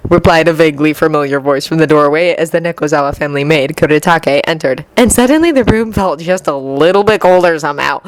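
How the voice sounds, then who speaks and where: A woman narrating a fanfiction story in an expressive, lively reading. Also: deep voice, brisk, few pauses. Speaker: fanfiction reader. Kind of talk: audiobook narration.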